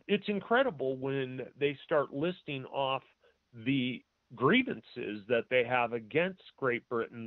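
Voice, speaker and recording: Brief: a man doing a slow, hesitant talk-show monologue, mid-pitched, on a dry, phone-like line. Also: no room sound. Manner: hesitant, with many pauses and filler words; reads documents aloud, spelling out capitals and punctuation.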